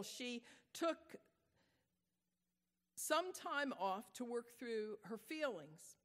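Slow, gentle woman preaching. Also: fairly high pitch. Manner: gentle, prayerful storytelling. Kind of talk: sermon. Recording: echoey hall.

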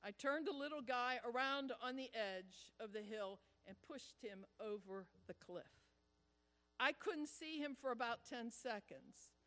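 A man preaching a sermon as a pastor, telling a personal story in an earnest, drawn-out way with deliberate pauses. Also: extremely high pitch, animated, sharp tone. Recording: long reverb of a large hall.

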